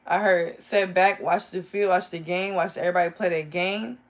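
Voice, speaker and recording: A woman's voice: fairly low pitch, steady tone, normal speed. Woman tarot reader, live reading, chatty and rambling, talks to viewers.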